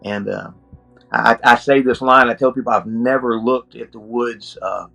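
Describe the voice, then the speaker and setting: A middle-aged man recounts his experience as a podcast guest, earnest and a little halting as he restarts his sentences. His voice sits at an ordinary middle pitch. Faint music plays quietly in the background. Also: steady tone, vocal fry. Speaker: interview guest. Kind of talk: casual storytelling.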